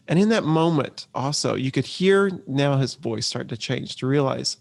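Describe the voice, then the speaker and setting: A man, an entrepreneur, telling a story in a conversational, lively way with restarts. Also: medium pitch, moderate pace, gravelly, few pauses. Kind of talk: casual storytelling to camera.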